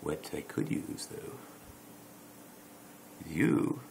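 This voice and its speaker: A man rambles to his viewers late at night, correcting himself and teasing them along the way. His voice sits low with a gravelly edge, and his pitch swings up and down freely. He speaks into a dedicated microphone. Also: very animated, measured pace, long pauses, slight background noise, rough recording. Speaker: video blogger. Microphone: dedicated microphone rather than phone.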